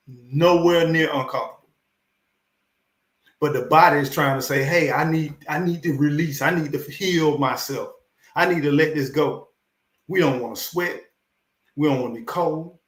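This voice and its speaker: A man's voice: mid-range voice, roomy sound. A man hosting a live stream, giving a repetitive, preachy motivational talk.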